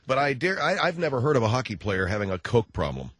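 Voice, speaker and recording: A male talk radio host delivers an opinionated comedic monologue, full of sarcastic asides. His pitch swings widely as he riffs, and the studio sound is bone dry. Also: very animated, quick pace, a bit bright, breathy edge, dry recording. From United States.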